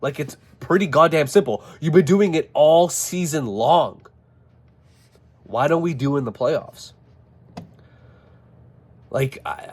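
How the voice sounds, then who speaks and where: A man ranting casually about a football game, animated and exasperated, with frequent swearing. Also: on the high side, breathy edge. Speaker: football fan vlogger. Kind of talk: casual sports rant.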